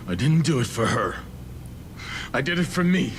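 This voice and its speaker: An actor playing a brooding grown man confessing a dark past, in a slow, grave, halting voice. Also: mid-range voice, big pitch swings, lightly acted. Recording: TV clip with noisy background.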